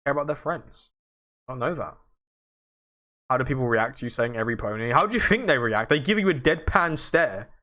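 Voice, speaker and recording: A man's voice: a little high, bright, forceful tone. A young man, chatting casually on a livestream and answering viewers in a rambling, self-mocking way. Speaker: livestream host.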